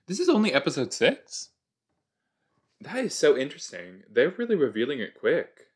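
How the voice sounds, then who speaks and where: A man giving chatty, excitable reaction commentary as he watches a TV episode, gasping and exclaiming along. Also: fairly high pitch, normal speed. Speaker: reaction video host.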